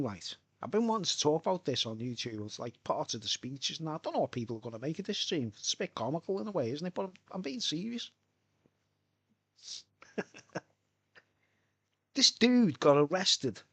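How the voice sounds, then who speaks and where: A man's voice: mid-range voice, fairly bright tone, dry recording. A man chatting casually on a live stream, rambling and chuckling between thoughts.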